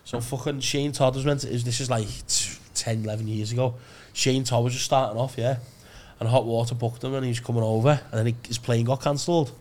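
Guy cohosting a podcast, tells stories loud and sweary. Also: medium pitch, fast. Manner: animated storyteller, swears freely. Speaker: podcast co-host. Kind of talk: casual chat.

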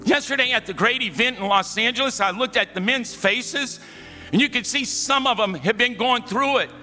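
High, bright-voiced preacher man in a hall. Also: moderate pace. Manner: calls for congregation responses, storytelling, humorous asides. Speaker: pastor. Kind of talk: sermon. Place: church sanctuary. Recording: hall reverb with faint music.

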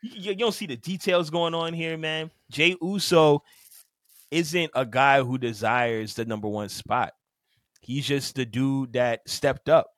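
A man's voice: mid-range voice, fairly even intonation, takes it slowly, a bit bright, no echo. A man co-hosting a podcast in casual chat, laid-back, acting out quotes in slang. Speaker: podcast co-host.

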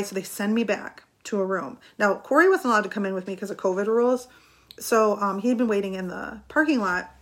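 Woman, middle-aged, vlogger, casual storytelling, animated and chatty, laughs as she talks. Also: medium pitch.

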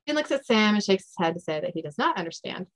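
A woman hosting a podcast, chatty and quick to laugh, recapping a TV episode. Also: medium pitch, very animated, dry recording. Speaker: podcast host.

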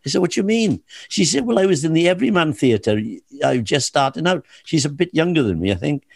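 A man's voice: fairly high pitch, animated, quick pace, creaky, darkish tone, dry recording, clean studio sound. An older man, a comedy actor chatting as an interview guest, telling anecdotes with laughs and restarts. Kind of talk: anecdotal chat.

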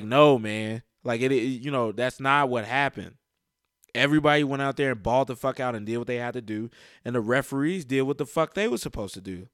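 Man, heated sports rant, swears constantly, emphatic, dry close sound, average pitch. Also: clear, resonant tone, dry recording. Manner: profane, exasperated, emphatic. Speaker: sports fan commentator.

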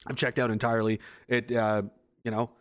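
A man's voice: medium pitch, flat delivery, a little fast. Sarcastic, swearing guy. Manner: profane, sarcastic, rambling. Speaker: livestream host. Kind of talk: casual livestream chat.

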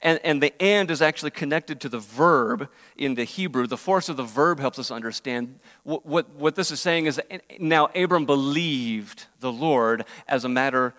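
A man's voice: mid-range voice, normal speed, few pauses. Earnest preacher man in a reverberant hall. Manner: earnest, varies loudness, drops to near-whispers on prayers. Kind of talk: sermon.

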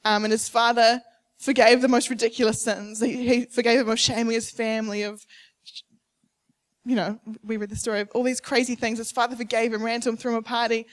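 A woman's voice: a little high, level tone, a little fast. A young adult woman preaching a sermon at a church service, emphatic and repetitive, acting out the people she quotes.

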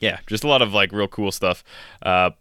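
A man's voice: fairly low pitch, moderate pace, sharp tone, smooth, dry recording, clean studio sound. A man co-hosting a casual podcast, chatty and goofy, poking fun at himself. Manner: goofy, chatty, self-mocking. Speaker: podcast co-host.

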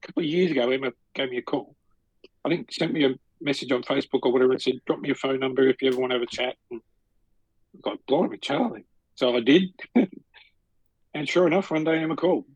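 A man's voice: mid-range voice, quick pace, husky, no echo, lo-fi sound. Chatty man telling stories. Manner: chatty, storytelling with lots of restarts. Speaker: podcast co-host. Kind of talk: casual chat.

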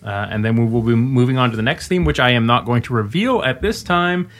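Podcast host, male, bright tense voice, rambling and upbeat, drifts into announcer delivery. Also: medium pitch, lively intonation, a little fast, a little hiss or hum. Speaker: game developer podcast host. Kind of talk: casual podcast chat.

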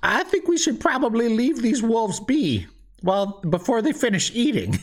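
Playful man with a wildly swinging pitch. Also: big pitch swings, moderate pace. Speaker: player. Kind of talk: in-character tabletop play.

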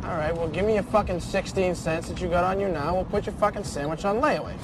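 A man plays a young man behind the wheel who teases his friend with dry sarcasm. His voice sits high for a man. Car engine and street noise run loudly underneath. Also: fast, natural voice. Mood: mocking. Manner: sarcastic, needling. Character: young man driving, mocking his friend over food. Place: inside a car. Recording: car noise with outdoor traffic.

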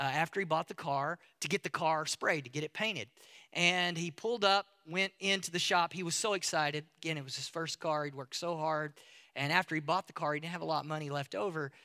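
Bright-voiced preaching man. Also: a little high. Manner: storytelling, halting restarts, building emphasis. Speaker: pastor. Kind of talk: sermon.

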